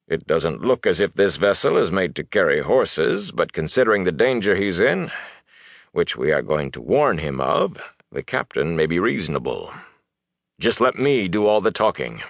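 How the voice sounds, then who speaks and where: A man reading aloud and voicing a wry older male gleeman with a slow, dry drawl. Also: low-pitched, very animated, vocal fry, a bit bright, no room sound, heavily acted. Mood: smug.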